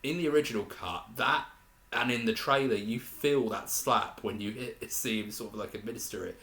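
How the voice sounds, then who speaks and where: A young man with a fairly low voice talks through a film review, rambling and hesitant, often stopping to restart a thought. His voice carries a noticeable room echo. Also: normal speed, sharp tone. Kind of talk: casual spoken review.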